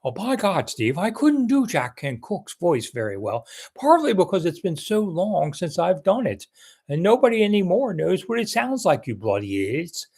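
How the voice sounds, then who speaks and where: A man's voice: high voice, very animated, moderate pace, breathy edge, voice pushed up, full character voice. A man doing a blustery old team owner. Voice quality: soft, not loud. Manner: blustery, says "by God". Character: gruff old male team owner, cursing.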